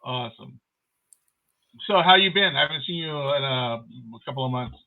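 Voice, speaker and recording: A man's voice: mid-range voice, lively intonation, normal speed, gravelly. A man hosting an online show in a casual, rambling way, with many fillers, over a video call. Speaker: podcast host. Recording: tinny phone-like line.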